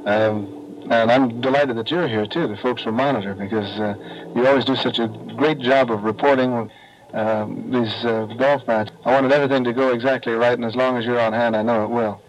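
A man answers questions in a radio interview, friendly but full of hesitations and pauses. The sound is dull and lo-fi, with faint noise behind him. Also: mid-range voice, steady tone. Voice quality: warm, hesitant with many fillers. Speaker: interview guest.

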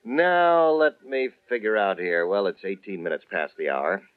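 A man announcing on the radio from a script, with a bright, sing-song delivery. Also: fairly low pitch, moderate pace, clean tone, no room sound. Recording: dry, tinny old radio broadcast.

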